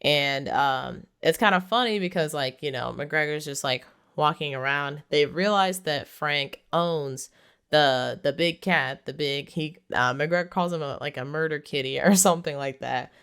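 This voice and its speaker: Smooth-voiced movie reviewer recapping a plot. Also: medium pitch, a little slow, fairly bright tone. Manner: rambling, lots of fillers, chuckles often.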